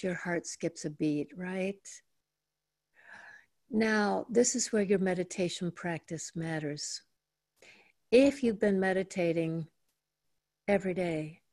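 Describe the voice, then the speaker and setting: Calm older woman teaching meditation. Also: medium pitch, dry recording, clean studio sound. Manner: calm, measured, slows down for emphasis. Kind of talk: teaching talk. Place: home in the mountains.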